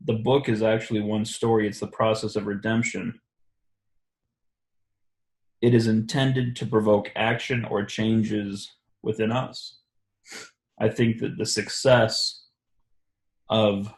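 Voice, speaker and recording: Halting, reflective man in an echoey room. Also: lowish voice. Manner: halting, full of restarts and fillers. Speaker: discussion host. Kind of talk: reflective religious discussion.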